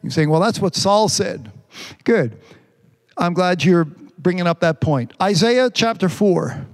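A man preaching a sermon, reading scripture slowly and stretching the words, with frequent amens. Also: sits high, animated, long reverb tail. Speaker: pastor.

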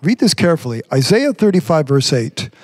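Male pastor, fairly high voice, preaching a sermon; slow scripture reading, pitch climbs for emphasis. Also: very animated. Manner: preaching, reads scripture slowly, rises in pitch when emphatic. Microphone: remote stream from a device on batteries.

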